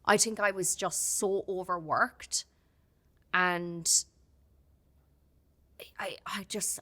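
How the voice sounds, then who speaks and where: A woman's voice: on the low side, steady tone, drawn-out words, pauses often, bright, forceful tone. An Irish woman talking openly and with feeling as a podcast guest, often restarting her sentences. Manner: open and heartfelt, many restarts. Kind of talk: candid casual chat.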